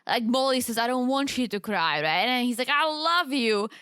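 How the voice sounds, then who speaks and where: High bright woman cohost, opinionated, acts out the quotes, dry mic. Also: expressive, normal speed, smooth, dry recording. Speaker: podcast co-host. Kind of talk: casual reality TV recap chat.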